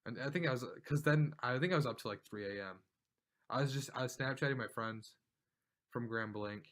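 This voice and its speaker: A man's voice: medium pitch, a little fast, fairly bright tone. Laughing, rambling male podcast co-host. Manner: rambling storyteller, often laughing, full of "like". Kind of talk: casual chat.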